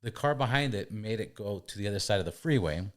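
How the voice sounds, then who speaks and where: A man hosting a casual podcast, telling stories in an animated way. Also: fairly low pitch, fast. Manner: animated storyteller. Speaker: podcast host.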